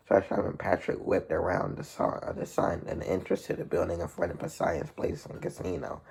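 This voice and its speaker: A man reading a novel aloud as narrator in a gravelly, husky voice, with plain delivery, slips and restarts. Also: deep voice, steady tone, moderate pace, hardly any pauses, darkish tone.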